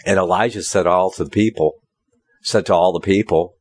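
A man's voice: sits low, moderate pace, darkish tone, no echo. A man preaching a sermon in an emphatic, insistent manner, raising his voice to drive points home. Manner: emphatic, preachy, rising for stress.

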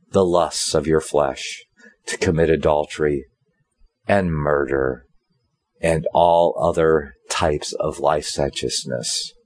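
A man's voice: low voice, no echo. A man preaching a sermon in an emphatic, insistent manner, raising his voice to drive points home. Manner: emphatic, preachy, rising for stress.

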